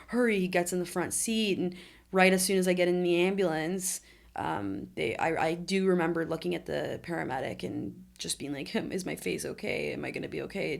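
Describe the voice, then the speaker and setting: A woman's voice: low-pitched, gravelly. A woman in her twenties, a podcast guest, candidly retelling a traumatic accident, laughing through hard moments. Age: 20s. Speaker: interview guest. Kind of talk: emotional personal storytelling.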